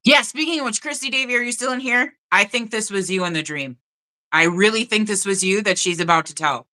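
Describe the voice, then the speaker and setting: A woman's voice: mid-range voice, brisk, bright, forceful tone. A woman hosting a spiritual live stream, talking earnestly and directly to her viewers in casual chat.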